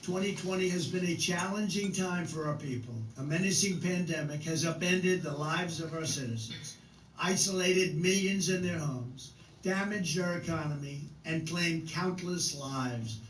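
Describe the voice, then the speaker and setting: A man reads a formal address as president in a measured, scripted manner. His slightly high voice comes from a playback heard at a distance. It echoes through the room over faint background hiss. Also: a bit bright. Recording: clip played back in echoey room.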